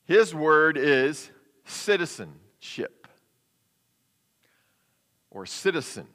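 High, bright-voiced male pastor preaching. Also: lively intonation, slow, pauses often. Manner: conversational preaching with rhetorical questions. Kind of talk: sermon. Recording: long hall reverb.

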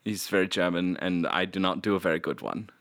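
A man's voice: sits low, fairly quick, fairly bright tone, dry recording, studio quality. A man co-hosting a casual podcast, who swears freely, laughs often and acts out quotes from a cartoon. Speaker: podcast co-host. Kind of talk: casual chat.

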